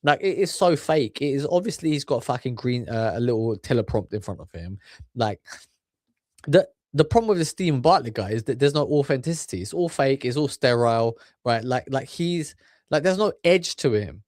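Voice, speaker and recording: A man ranting in crude, profanity-heavy commentary, full of filler words. His voice sits in a middle pitch. The recording is close and dry. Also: expressive, fairly quick, darkish tone, no room sound. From England. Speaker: commentary channel host.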